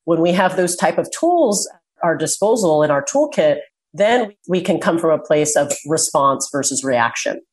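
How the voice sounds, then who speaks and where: A woman speaks as a guest in a relaxed interview, with a slightly low voice. She is earnest and emphatic, slowing down to stress her main points. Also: rough recording. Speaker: guest, communication coach. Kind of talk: casual interview chat.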